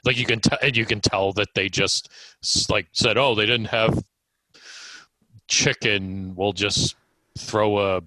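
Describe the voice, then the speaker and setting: A man with a very low but bright, edgy voice rambles through casual conversation, full of fillers. The recording is dry and close. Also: steady tone, unhurried, no echo, poor audio. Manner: rambling, many fillers and restarts. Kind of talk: casual chat.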